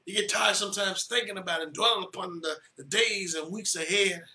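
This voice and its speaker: A man preaching in an echoing church, his voice pitched high and ringing very bright. He leans on repeated phrases and swells his emphasis from one line to the next. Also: brisk. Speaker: pastor. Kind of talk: sermon.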